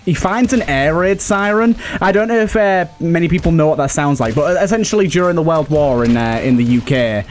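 Chuckling young British gamer, fairly high voice. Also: male voice, fairly quick, hardly any pauses, a little hiss or hum. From United Kingdom. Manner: rambling, chuckling often, lots of fillers and swearing. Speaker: let's play host. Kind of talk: casual gameplay commentary and storytelling.

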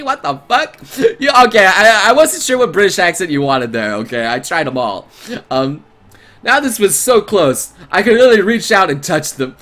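A man streaming a visual novel, reading its narration aloud and reacting in an excitable, jokey way. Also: a little high, moderate pace. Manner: excitable, jokey, breaks into laughter.

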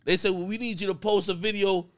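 Animated high-voiced male host. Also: fast. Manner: animated, loud outbursts, storytelling. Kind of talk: casual chat.

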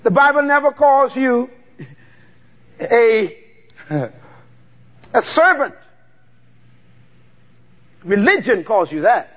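A man's voice: very high-pitched, animated, dull audio. A man preaching a sermon, drawing out key words and calling for the congregation to repeat after him. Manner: call-and-response preaching, drawn-out emphatic words. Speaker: pastor.

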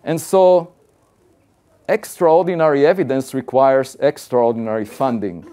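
A man's voice: medium pitch, measured pace, dark tone. A man, an astrophysicist, giving a conversational public science talk and building his arguments point by point in a plain-spoken, insistent way.

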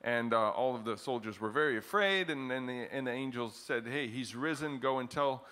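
A middle-aged man preaching a sermon as pastor to his congregation, animated, often chuckling, with his voice jumping up for emphasis. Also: medium pitch. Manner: chants a scripture refrain slowly, leading the congregation. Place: church service in front of a congregation.

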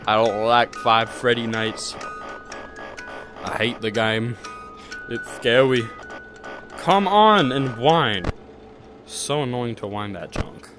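A man's voice: medium pitch, slow, pauses often. A young man giving jokey commentary while playing a horror game, talking to the characters and yelping when startled. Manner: jokey, talks to the game characters, jumpy yelps. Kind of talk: casual let's-play commentary. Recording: music playing behind the voice.

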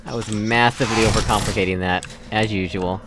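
A man's voice: lowish voice, fairly even intonation, a little fast, noisy background. A young man from Texas casually commenting as he plays a puzzle game, thinking aloud and poking fun at himself. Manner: musing aloud, self-deprecating, chuckling. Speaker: gamer playing a puzzle game. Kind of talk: casual let's-play commentary.

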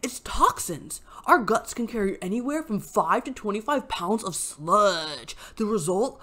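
A woman's voice: medium pitch, animated, measured pace, pushed and bright. A woman voicing a smug, douchey young bro who pushes a diet cleanse in a salesy, hyped-up manner. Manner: salesy, pushy hype.

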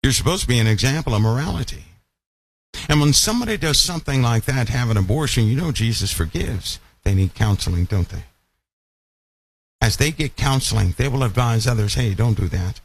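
A man preaching a Bible-study sermon who keeps asking his listeners questions and slows down to stress key lines. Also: mid-range voice, expressive, breathy edge. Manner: emphatic, asks the audience questions often.

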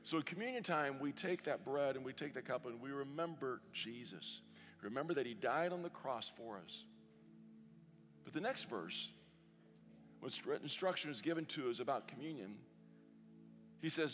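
A man as pastor giving a sermon and a communion prayer, earnest, slowing down to stress each quoted verse. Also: medium pitch, animated. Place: church sanctuary. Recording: long church reverb with soft music.

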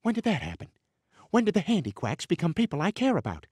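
A man voicing an eager, excitable male would-be TV writer in an animated comedy, pitching hard. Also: quick pace, breathy edge, no echo, studio quality, heavily acted.

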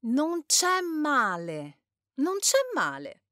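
Very slow, carefully enunciating woman. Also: sits high, wildly swooping pitch, a bit bright, no room sound, studio quality. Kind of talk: slow model phrases for repetition.

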